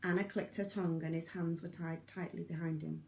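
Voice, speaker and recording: A woman narrating a novel in an audiobook reading, steady and measured. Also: on the low side, vocal fry, roomy sound. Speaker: audiobook reader.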